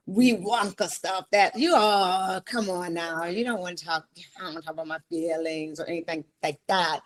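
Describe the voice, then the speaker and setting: A woman hosting a podcast interview, enthusiastic and acting out conversations with her husband. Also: fairly low pitch. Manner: enthusiastic, acts out quotes. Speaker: podcast host.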